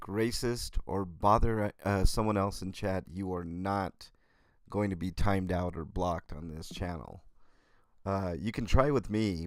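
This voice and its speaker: A man hosting a casual live-stream show in a groggy morning voice, greeting chat viewers by name with a relaxed, filler-heavy way of talking. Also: deep voice, no echo, clean studio sound. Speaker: livestream host.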